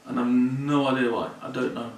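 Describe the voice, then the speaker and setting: A man's voice: medium pitch, little pitch movement, moderate pace. A man talking earnestly and plainly in a personal vlog from his mother's home, often repeating his phrases. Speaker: vlogger. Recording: roomy sound from a distant mic.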